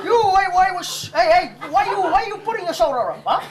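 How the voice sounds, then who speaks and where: A man's voice: very high-pitched, very animated, brisk, over a noisy crowd, very noisy. A man playing a stern father and village chief, scolding his son and barking "huh?" over and over. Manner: scolding, bullying, repeats "huh?" constantly. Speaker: comic stage actor. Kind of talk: live comedy skit.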